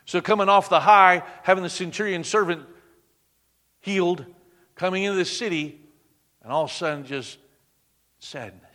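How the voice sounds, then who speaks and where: A male preacher giving a dramatic sermon, dropping to a hush on quoted words. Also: high voice, moderate pace, long pauses, in a large hall.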